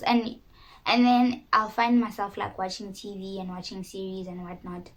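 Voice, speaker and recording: A woman's voice: medium pitch, little pitch movement, moderate pace, low-quality recording. A young woman from South Africa talking casually to her viewers in a candid, self-mocking vlog. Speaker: YouTuber. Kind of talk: casual talk to camera.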